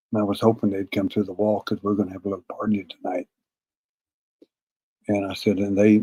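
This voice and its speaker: An older man, a guest on an interview, telling a long personal story in a folksy, casual way, often repeating words and clearing his throat. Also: on the low side, darkish tone. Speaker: interview guest, paranormal investigator.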